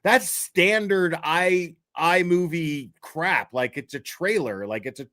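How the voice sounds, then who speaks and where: A man's voice: a little high, takes it slowly, pushed and bright, dry recording. A man joins a live podcast as a guest and chats casually. He laughs easily, rambles a bit and plays down his own skills. His voice is close and dry. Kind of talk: casual live-stream chat.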